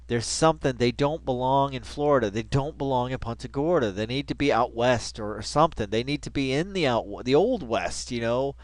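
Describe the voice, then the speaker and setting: A man's voice: mid-range voice, expressive, fairly quick, few pauses, dry recording. A man hosting a reaction video, talking in a casual, rambling, profane way full of slang.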